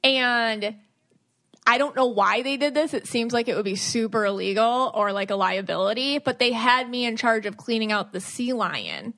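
A woman podcast host and psychic medium in casual chat, talking in an animated, rambling way with frequent restarts. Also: on the high side, normal speed.

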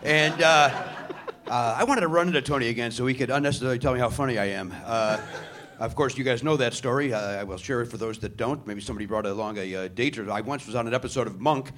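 A man's voice: medium pitch, quick pace, fairly bright tone. A man hosting a live comedy podcast on a theatre stage, riffing sarcastically and swearing freely.

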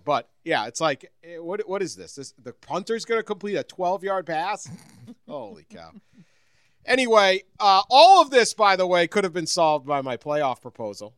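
A man co-hosting a sports podcast, telling lively stories in casual chat and laughing often. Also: fairly high pitch, smooth, no room sound, clean studio sound. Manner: animated storyteller, laughs often.

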